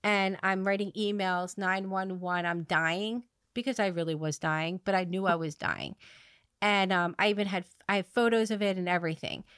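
A woman hosting a podcast, telling a long story in a rambling way, with many fillers and restarts, laughing at her own dark humor. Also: mid-range voice, moderate pace, clear, resonant tone, dry recording, studio quality. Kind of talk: casual conversational storytelling.

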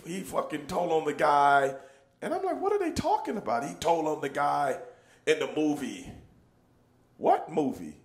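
A man telling a story in casual chat, laughing and acting out the people he quotes. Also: fairly high pitch. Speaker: show host telling a story.

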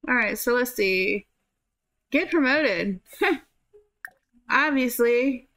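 A woman's voice: on the high side, expressive, drawn-out words, fairly bright tone. A woman giving casual gameplay commentary, chatting to her characters and swearing offhandedly. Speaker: gameplay streamer.

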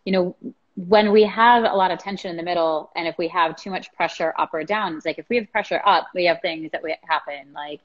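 Woman hosting a live stream chat, upbeat, lowish voice, muffled lo-fi audio. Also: fairly quick. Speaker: host. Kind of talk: casual chat on a live video call.

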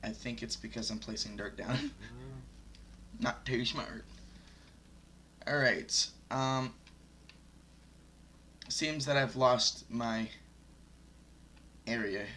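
A young man commentating his Minecraft let's-play, excitable and swearing loudly whenever he is in danger. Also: mid-range voice, extremely slow, pauses often, a little hiss or hum. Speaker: gaming YouTuber.

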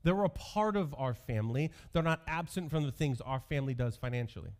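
A man's voice: medium pitch, lively intonation, brisk, darkish tone. A pastor in his thirties delivers a sermon in an ordinary mid-range male voice. He tells stories from his own youth and pokes fun at himself as he goes. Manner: storytelling with self-deprecating humor.

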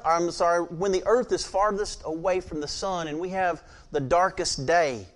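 A man's voice: sits high, moderate pace, few pauses. An American man preaching a sermon to his congregation, stuffy and scratchy-throated from a cold, folksy and chatty, asking the room questions. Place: church sanctuary.

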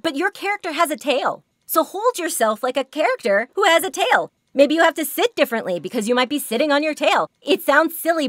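A hoarse woman giving a chatty workshop talk on voice acting, laughing often as she goes. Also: sits high, no echo, studio quality. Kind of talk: workshop presentation.

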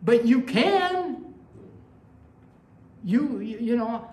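Woman pastor, conversational sermon, higher voice, echoey room. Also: sing-song, drawn-out words, pauses often, a little mellow. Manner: conversational preaching with anecdotes and rising emphasis. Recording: echoey room with faint ambience.

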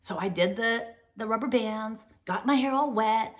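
A woman hosting a casual chat with her viewers, rambling and laughing often as she tells animated stories. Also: a little high, normal speed. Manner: animated storytelling. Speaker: host.

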